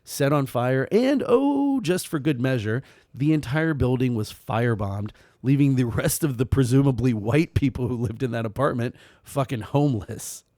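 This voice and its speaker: A man's voice: medium pitch, expressive, moderate pace, dry recording, studio quality. Sarcastic man co-hosting a podcast. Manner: dark sarcastic humor, frequent laughter and swearing. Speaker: podcast co-host reading the case. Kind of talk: casual true-crime chat.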